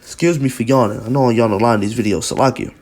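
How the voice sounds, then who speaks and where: A man's voice: mid-range voice, racing, darkish tone. Emphatic man preaching on video. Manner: emphatic and repetitive, often adding "man". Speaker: religious video commentator. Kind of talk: preaching commentary with scripture and news reading.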